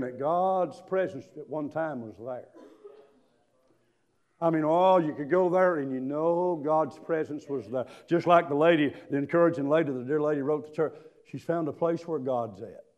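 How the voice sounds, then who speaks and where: A man preaching a sermon, telling stories and breaking into shouted hallelujahs. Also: on the high side, highs cut off. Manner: emphatic storytelling, bursts into shouted hallelujahs.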